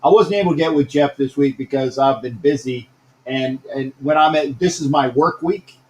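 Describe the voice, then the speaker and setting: A man's voice: medium pitch, moderate pace, darkish tone, reverberant, slight background noise, poor audio. A man hosting a casual live-streamed sports talk show, rambling, repeating himself and greeting viewers by name.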